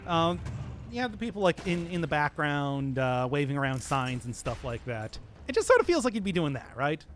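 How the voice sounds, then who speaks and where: Chatting casually with his stream while he plays, a Midwestern gamer talks at normal speed in a high, swooping voice. He rambles loosely and animatedly, laughs a lot, and there's slight background noise.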